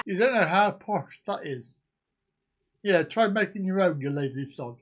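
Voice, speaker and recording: A man's voice: high-pitched, expressive, a little slow, heavy background noise. A man from the UK, hosting a casual live stream and joking while reacting to viewer comments.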